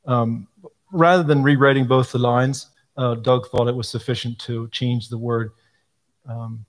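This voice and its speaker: A man answering questions about a hymnal, explaining thoughtfully with frequent pauses and ums. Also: mid-range voice, fairly even intonation. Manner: thoughtful, explanatory, frequent ums, quotes hymn lines aloud. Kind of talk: live Q&A talk.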